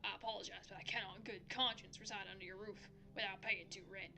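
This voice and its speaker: A woman's voice: mid-range voice, fairly even intonation, quick pace, noisy background, voice pushed down, close to an everyday voice. Woman doing a prim, rule-bound visitor. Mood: prissy indignation. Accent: put-on accent. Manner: stiff, formal, indignant politeness. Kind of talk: game voice acting.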